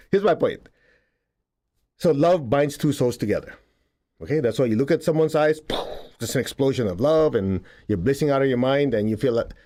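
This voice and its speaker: Mellow-voiced man giving a spiritual talk. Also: mid-range voice. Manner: conversational, laughs often, acts out quotes. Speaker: spiritual teacher. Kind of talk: casual spiritual talk to an audience.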